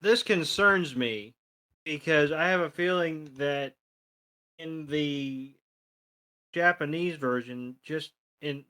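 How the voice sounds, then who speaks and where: A male podcast co-host telling a cartoon episode in loose, rambling fashion, dropping crude jokes along the way. His voice sits at an ordinary middle pitch. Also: pushed and bright. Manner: jokey, crude, rambling with fillers. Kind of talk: casual episode recap chat.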